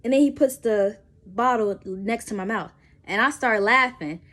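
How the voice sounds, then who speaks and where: A young woman, telling a personal story in a casual storytime and acting out the voices with sudden jumps in pitch. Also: moderate pace. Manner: animated, acts out quotes with pitch jumps.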